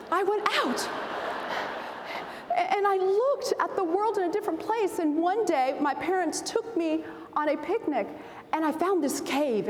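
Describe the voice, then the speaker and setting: A woman in her forties giving a storytelling speech at a convention, animated and acting out the voices in her anecdotes. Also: very high-pitched, a little hiss or hum. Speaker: keynote speaker. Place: large convention hall. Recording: roomy hall reverb, faint ambience.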